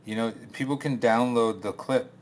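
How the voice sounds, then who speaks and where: A man co-hosting a podcast in casual chat, joking with quick reactions. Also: medium pitch, fairly even intonation, a little hiss or hum. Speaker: podcast co-host.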